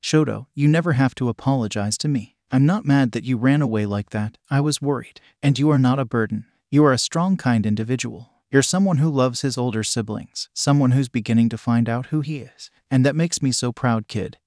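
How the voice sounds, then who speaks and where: A man voicing a devoted male hero guardian in a storybook reading, soft and reassuring. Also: mid-range voice, fairly quick, hardly any pauses, dry recording, studio quality, natural voice. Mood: tender.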